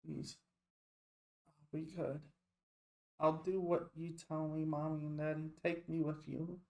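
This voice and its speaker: A man's voice: a little high, little pitch movement, takes it slowly, vocal fry. A man voicing a feverish, dying little girl who whimpers and pleads in a childlike way. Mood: feverish pleading.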